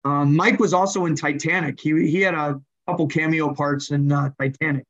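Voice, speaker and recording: A man with a noticeably high voice tells hockey stories as an interview guest, slipping into other people's voices as he goes. His sound comes through dull and lo-fi, with the top end rolled off. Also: normal speed. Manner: animated, acts out voices while telling stories. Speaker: hockey coach and general manager, guest. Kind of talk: conversational interview storytelling.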